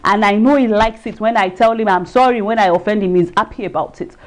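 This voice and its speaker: A woman's voice: mid-range voice, fast. A woman giving a talk on marriage in a live video stream, earnest, repeating herself and searching for words. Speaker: marriage enrichment speaker. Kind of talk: livestream talk.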